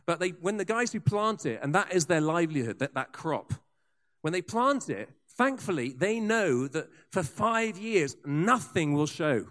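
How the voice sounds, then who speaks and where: A man preaching a sermon, telling revival stories with lively asides and frequent restarts. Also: high-pitched, unhurried. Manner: animated storyteller with asides and restarts. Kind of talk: sermon storytelling.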